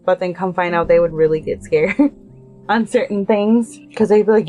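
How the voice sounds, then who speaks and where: A woman's voice: on the low side, normal speed, gravelly, mellow, faint music behind. A woman from North Minneapolis casually telling a true scary story in a chatty, rambling way with lots of fillers. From North Minneapolis, USA. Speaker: caller sharing a true story.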